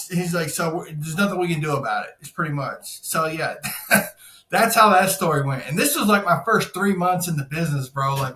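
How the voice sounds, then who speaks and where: A young man with a high, bright voice tells a story on a podcast. He swears a lot, acts out each character, and sounds animated. The room is echoey. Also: slight background noise. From Florida. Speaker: podcast guest, insurance salesman. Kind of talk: casual storytelling.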